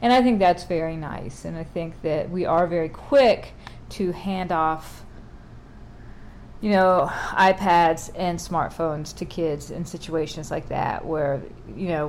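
A woman's voice: on the low side, darkish tone, a little hiss or hum. A middle-aged woman talking casually in a wry, exasperated monologue.

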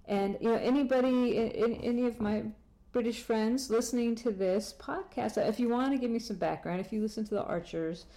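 A woman's voice: a little high, fairly quick, dark tone. Rambling woman chatting on a podcast. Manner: rambling, many fillers and restarts; moves around the room while talking. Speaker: podcast host. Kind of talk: casual chat. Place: at home.

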